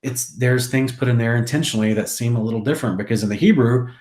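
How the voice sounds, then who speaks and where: A man's voice: mid-range voice, quick pace, darkish tone, echoey room. A man hosting a Bible study, reading scripture aloud and adding chatty, jokey asides. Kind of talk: casual scripture reading and commentary.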